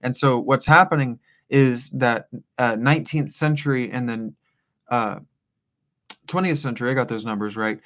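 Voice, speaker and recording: Man, host, reads passages aloud, rambling philosophical commentary, deep radio voice for the readings, restarts and asides. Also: normal speed, a bit bright.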